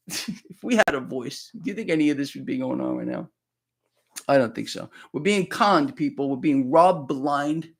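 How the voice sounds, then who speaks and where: A man hosting live financial commentary, ranting bluntly at his viewers and calling them "people," with lots of repeated words and restarts. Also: on the high side. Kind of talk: live solo market commentary.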